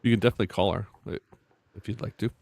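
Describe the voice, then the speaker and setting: A man narrating as game master of a tabletop horror game, unhurried and hesitant. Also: fairly low pitch, steady tone, gravelly, darkish tone.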